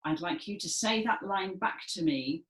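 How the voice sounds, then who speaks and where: A woman leading a gentle seated movement session, speaking clearly and encouragingly with some dramatic emphasis. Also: fairly low pitch, animated, normal speed. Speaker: movement and music session leader. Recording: echoey room.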